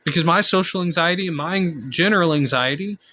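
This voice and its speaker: A man's voice: high-pitched, brisk, sharp tone, slight background noise. A man talking to camera in a candid casual monologue, blunt and frank with plenty of swearing. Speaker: vlogger.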